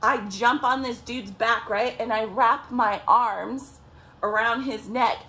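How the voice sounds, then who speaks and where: A woman's voice: fairly high pitch, slow pace, pushed and bright. A woman vlogger telling a story in a casual, profane way, laughing often and checking in with "okay?" and "like".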